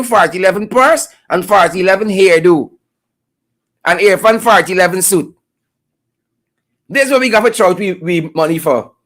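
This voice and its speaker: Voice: mid-range voice, fairly bright tone. A host with a Guyanese accent giving mocking, sarcastic political commentary on a live stream, repeating points for emphasis.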